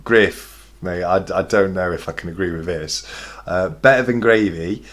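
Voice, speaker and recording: A man's voice: sits low, normal speed. A man hosting a casual chat on a video call, laughing often and reading out viewer comments. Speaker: host.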